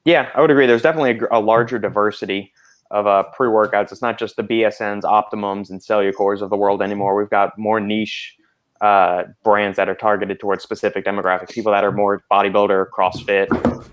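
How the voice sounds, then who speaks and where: A man's voice: fairly low pitch, level tone, quick pace. A man hosting a panel podcast, explaining at length in casual talk full of fillers. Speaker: podcast host.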